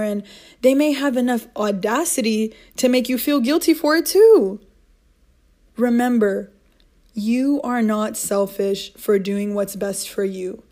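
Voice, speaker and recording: A woman's voice: a little high, a little slow, mellow. A young woman hosting a motivational podcast, talking in an earnest, encouraging way and repeating her key points. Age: young adult. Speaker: podcast host.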